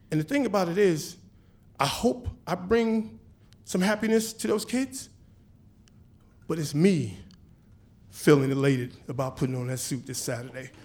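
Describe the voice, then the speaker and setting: A man telling a personal story on stage, animated and casual, acting out the dialogue. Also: on the high side, gravelly. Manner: animated, acts out dialogue with voices; casual, chatty with swearing.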